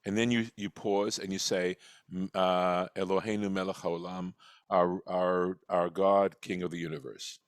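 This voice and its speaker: Deep-voiced man teaching a text class. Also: fairly even intonation, measured pace, no room sound. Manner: reflective and patient, with frequent restarts. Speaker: teacher leading a weekly text study class. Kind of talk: explanatory teaching with discussion.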